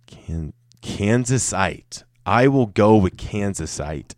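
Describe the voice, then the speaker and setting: A man's voice: on the low side, animated, slow, a little mellow, no echo, studio quality. A man talking alone in an offhand, joking way, swearing a lot and tripping over his words. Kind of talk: casual off-the-cuff monologue.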